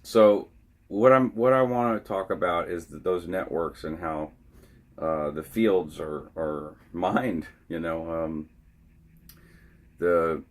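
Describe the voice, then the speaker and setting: Man with an unusually low voice, slow and halting, for a casual opinion vlog. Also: fairly even intonation. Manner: halting, frequently restarting his sentences. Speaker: vlogger.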